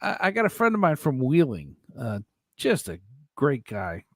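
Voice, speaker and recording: A man's voice: medium pitch, normal speed, dry recording, clean studio sound. A man hosting a casual show, reading out viewer comments and joking with his guests, laughing often. He is from Ohio. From Ohio, USA. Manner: jokey, laughs often, animated. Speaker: host.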